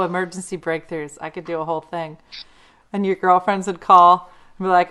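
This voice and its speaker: A woman's voice: fairly low pitch, moderate pace, pushed and bright, slight background noise. Chatty woman hosting a live stream. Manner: chatty, reads viewer comments aloud. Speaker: livestream host. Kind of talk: casual live-stream chat.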